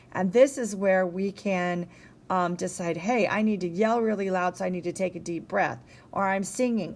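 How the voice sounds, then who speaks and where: A young woman teacher giving a recorded science lecture in a casual, conversational way, tired and yawning, with frequent ums and a checking "okay?". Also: lowish voice.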